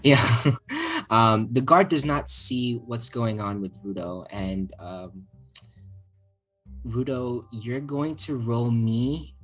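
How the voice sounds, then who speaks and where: Game master: woman with a very low, husky voice, slow and unhurried, giggly and halting. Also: animated, a bit bright, faint music behind, low-quality recording. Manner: casual, giggly, halting with many fillers. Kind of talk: narrating a tabletop game with friends.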